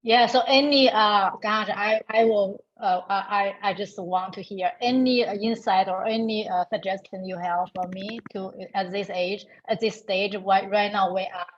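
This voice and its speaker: Halting woman on a muffled call. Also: medium pitch, fairly even intonation. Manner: halting, many fillers, laughs often. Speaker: parent educator at a nonprofit. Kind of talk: video call introduction. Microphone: video call.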